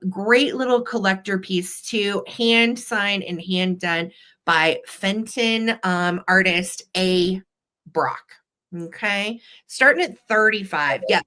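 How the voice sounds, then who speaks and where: A woman's voice: on the low side, bright, forceful tone. A woman hosting a live vintage sale, chatty and upbeat, running auction countdowns. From western United States. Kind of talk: live selling chat.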